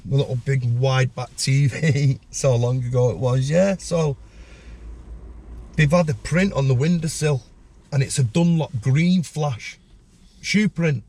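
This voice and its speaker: Man telling a rough story. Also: unhurried. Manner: animated storyteller, acts out voices with sudden high pitch. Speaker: guest. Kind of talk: storytelling in a podcast interview.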